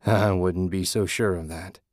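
A man voicing a taunting, gruff gang leader. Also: sits low, steady tone, unhurried, a little mellow, no room sound, studio quality. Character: menacing male gang leader.

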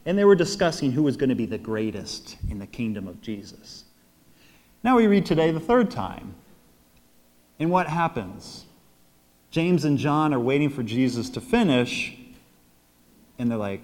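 A man with an American accent, a priest giving a homily, an animated storyteller who acts out quotes and laughs often. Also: medium pitch, moderate pace, in a large hall. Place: church.

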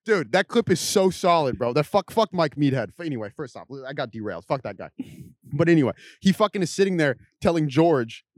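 A man hosting a casual podcast chat, talking in a profane, rambling way full of quick tangents. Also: fairly high pitch, very animated, no room sound, clean studio sound. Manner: often mimics other people's voices. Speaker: podcast host.

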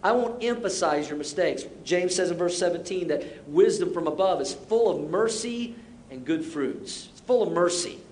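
A man's voice: moderate pace, a little mellow. A middle-aged man preaching a sermon as pastor, conversational and self-deprecating, with short repeated exhortations. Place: church sanctuary. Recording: roomy church sound with faint rumble.

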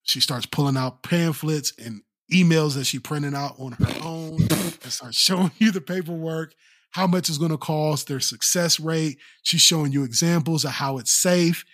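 Animated, laughing podcast co-host man. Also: on the high side, normal speed. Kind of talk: casual podcast chat.

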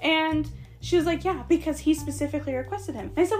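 A woman's voice: high voice, fast talker, few pauses. A young woman, a massage therapist, telling a story in casual chat and acting out the dialogue with laughs. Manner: animated, acts out dialogue with laughs. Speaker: podcast co-host, massage therapist.

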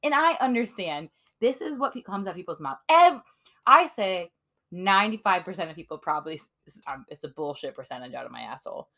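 A woman's voice: fairly low pitch, animated, fairly quick, bright, forceful tone. A woman co-hosting a podcast, candid and reflective in casual chat, swearing casually. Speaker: podcast co-host.

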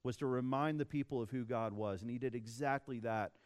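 A young man delivers a sermon in a relaxed, conversational way, retelling an old story with animated asides and the odd restart. His voice is smooth and clear, sitting at an ordinary middle pitch. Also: a little fast. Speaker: pastor.

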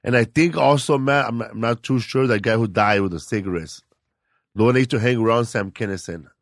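Relaxed male podcast host. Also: medium pitch, fairly quick, dry recording, studio quality. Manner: relaxed, curious, reminiscing. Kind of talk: casual chat.

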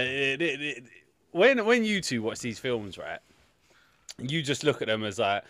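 A man's voice: mid-range voice, sing-song, measured pace, a bit bright. A man co-hosting a podcast in casual chat, rambling with many restarts and crude jokes. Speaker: podcast co-host.

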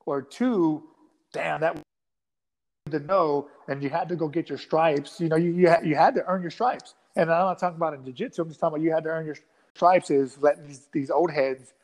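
Fast-talking animated man telling stories. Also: on the high side. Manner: animated, rambling, acts out quotes with many restarts. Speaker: guest fighter. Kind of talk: casual storytelling in a podcast interview.

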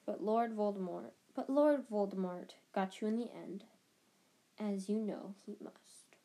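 Woman doing Riddle, quiet taunting dark wizard. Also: medium pitch, measured pace, natural voice. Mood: gloating. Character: cold, gloating young male dark wizard. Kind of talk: audiobook reading.

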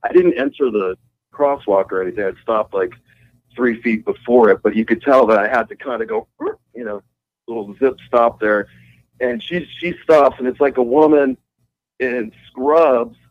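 A guitarist phones in as a guest and casually rambles through a story, cursing freely and laughing as he goes. His mid-range voice moves at a moderate pace, and the muffled call-in line has no echo.

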